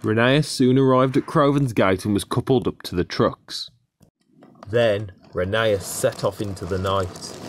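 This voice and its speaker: A man narrating a children's story in a steady, plain reading voice. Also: on the low side, measured pace.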